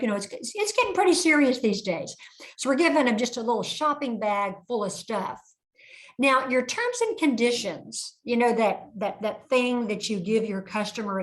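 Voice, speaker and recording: An older woman leading an online compliance training for bankers, telling anecdotes and acting out dialogues in a lively way. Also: a little high.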